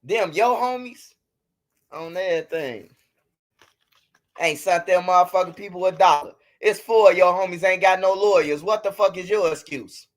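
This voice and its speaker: Hosting a street news channel's casual livestream commentary, this man speaks with a Chicago accent at a normal speed in a high-pitched voice. He mocks and trash-talks his critics, repeating himself a lot.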